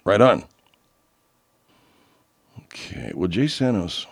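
A man's voice: low voice, very animated, takes it slowly, vocal fry, slightly rough. A man hosting a show, chatting casually and loosely while he plays listener clips, swearing freely. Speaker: show host playing listener submissions. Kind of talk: casual chat.

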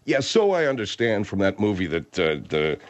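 A man's voice: fairly low pitch, very animated. A man hosting a comedy radio show, exasperated and bossy with his guests. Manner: exasperated, bossy, quick to laugh.

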